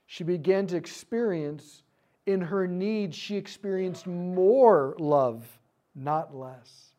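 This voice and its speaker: Soft-spoken man telling a prayer story. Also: sits high, takes it slowly, muffled recording. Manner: soft storytelling, drops to near-hushed tones for quoted prayers. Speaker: speaker leading a prayer ministry session. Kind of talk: teaching talk with a story.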